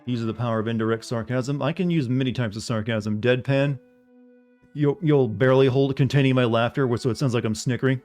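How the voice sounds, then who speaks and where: A man's voice: medium pitch, fairly even intonation, a little fast, darkish tone, faint music behind. A young man streaming a video game, chatting casually with viewers in a rambling way, full of filler words. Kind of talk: casual gameplay chat with viewers.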